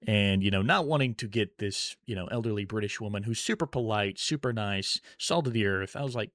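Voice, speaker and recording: A man's voice: fairly low pitch, fast, hardly any pauses, a bit bright, no echo, clean studio sound. A man in casual vlog storytelling, rambling and correcting himself as he goes. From United States. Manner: rambling, self-correcting, chuckles while telling stories. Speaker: vlogger.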